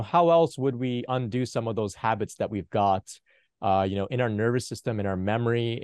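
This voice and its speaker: Male spiritual teacher on a video call, gentle and reassuring, mid-pitched, dry sound. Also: no echo. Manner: gentle, reassuring, many fillers and restarts. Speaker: Kundalini Q&A host.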